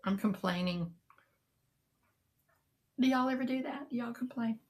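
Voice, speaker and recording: A woman's voice: a little high, measured pace, darkish tone. A middle-aged woman, chatting casually and rambling to live viewers, greeting them by name. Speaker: live-sale seller and vlogger.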